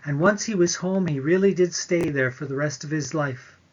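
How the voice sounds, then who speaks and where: A man reads an afterword in a plain, measured way. His voice is husky and sits fairly high. The recording sounds dull and lo-fi. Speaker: author. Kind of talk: reading an afterword.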